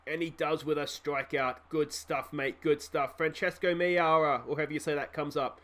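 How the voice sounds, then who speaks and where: An Australian man giving excited play-by-play commentary as he plays a baseball game, getting loud on big hits. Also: high voice. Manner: fan-style play-by-play, shouting on big hits. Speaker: let's play host.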